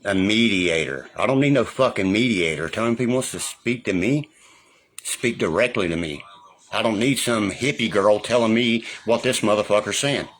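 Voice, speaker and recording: A man's voice: on the low side, normal speed, fairly bright tone. Profane, combative man ranting on a livestream. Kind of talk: angry livestream rant.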